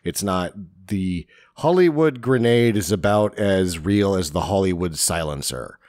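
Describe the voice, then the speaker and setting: Low-voiced man riffing crudely. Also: animated, measured pace, a little mellow, no room sound, clean studio sound. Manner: crude, sarcastic, mocks scenes with put-on voices. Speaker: podcast co-host. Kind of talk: casual movie-riffing chat.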